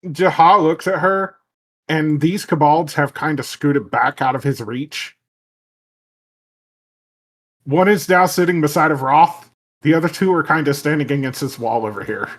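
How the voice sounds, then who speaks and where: A man narrating a tabletop game as game master, relaxed with frequent fillers. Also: on the high side, a little slow, pauses often.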